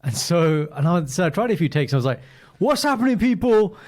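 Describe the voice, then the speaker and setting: A man, co-hosting a podcast and telling animated anecdotes that he acts out. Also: a little high. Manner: fast, animated storytelling with acted-out quotes. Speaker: podcast co-host. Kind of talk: casual podcast banter.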